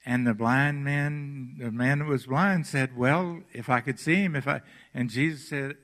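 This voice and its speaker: A man preaching a sermon as pastor, retelling scripture stories slowly and with emphasis before leading communion and prayer. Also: medium pitch, fairly bright tone, in a large hall. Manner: slow, emphatic storytelling preaching.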